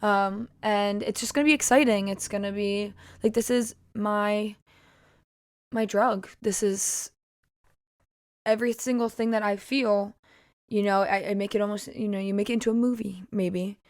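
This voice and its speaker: Discussing a song she wrote, a female musician wanders off on tangents in casual podcast chat, laughing often and using plenty of fillers. She speaks at a medium pitch and moderate pace with fairly even intonation, and the studio audio is clean and free of room sound.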